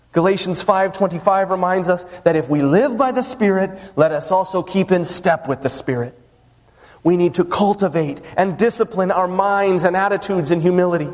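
A man preaching a sermon to his congregation, earnest, with emphatic pauses. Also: high-pitched, a little mellow. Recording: long hall reverb.

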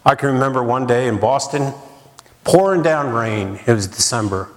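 A man's voice: mid-range voice, normal speed. A man preaching a sermon in a dramatic way, with rhetorical questions and repeated lines for emphasis. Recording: long reverb of a large hall.

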